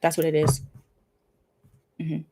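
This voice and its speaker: A woman's voice: low-pitched, monotone, takes it slowly, warm tone, breathy edge, dry recording. A woman giving a casual pick-a-card tarot reading, effusive and emphatic, with casual swearing. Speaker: tarot reader.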